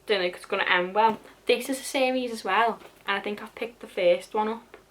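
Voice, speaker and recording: Fairly quick and a bit bright, a young woman's medium-pitched voice chats casually about the books she still hasn't read. As a book vlogger, she mixes in dramatic asides and casual swearing.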